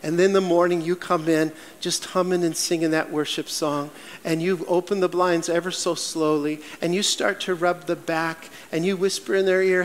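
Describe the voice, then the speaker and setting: A man preaching a sermon as pastor, telling stories with animated, acted-out voices. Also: fairly high pitch, normal speed, slight background noise. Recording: echoey hall with long reverb.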